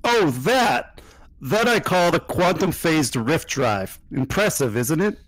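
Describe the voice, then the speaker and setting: A man's voice: fairly high pitch, very animated, slow pace, a bit bright, no room sound, pitched above the performer's own voice, exaggerated voice, poor audio. A man voicing a curious, boastful male alien wanderer who shows off his advanced technology over a voice call. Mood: proud. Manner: showy, pleased with his own technology.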